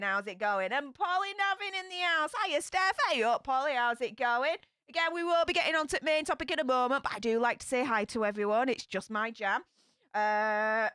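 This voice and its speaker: She's a livestream host in her thirties, from Yorkshire, England, and her accent shows as she greets viewers quickly in a sassy, chatty style full of northern slang. Her high voice is sharp yet clear and resonant. The sound is clean studio quality with no echo.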